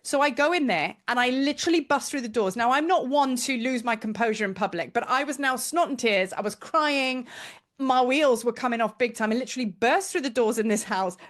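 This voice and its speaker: A woman's voice: a little high, fairly quick. A middle-aged woman, a spiritual teacher, telling a personal story in a chatty, emotional way and acting out what she said. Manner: chatty, emotional, animated quoting of herself. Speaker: spiritual teacher and tour leader. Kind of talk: casual storytelling to camera.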